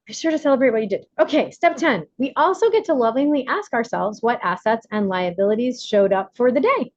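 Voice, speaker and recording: A woman leads an online recovery workshop over a video call, animated and acting out quotes with big leaps in pitch. The audio has no echo, but the high frequencies are cut off.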